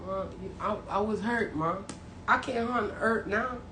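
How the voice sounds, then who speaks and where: A woman with a Jamaican accent ranting casually and profanely to her viewers, half joking, turning from mumbled apologies to loud outbursts. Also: mid-range voice, unhurried. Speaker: vlogger. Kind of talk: casual comedic rant to viewers. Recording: roomy echo, faint background noise.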